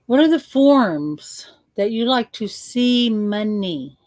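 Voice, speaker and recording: Slow playful woman leading a visualization. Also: a little high, lively intonation, a little mellow, dry recording. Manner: slow, playful, repeats words for emphasis. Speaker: spiritual coach leading a guided exercise. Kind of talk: guided visualization.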